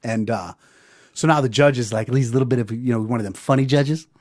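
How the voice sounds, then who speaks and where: A man hosting a podcast, telling a story in a lively, profane way and putting on voices. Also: mid-range voice, fast. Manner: animated storyteller doing voices, swears freely. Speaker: podcast host. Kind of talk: storytelling chat.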